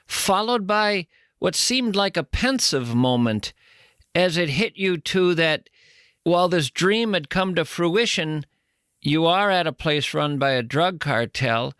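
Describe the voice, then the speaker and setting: A male podcast host, measured and reflective, retelling a guest's story. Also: fairly high pitch, expressive, fairly bright tone, smooth, no echo, studio quality. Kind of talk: interview commentary.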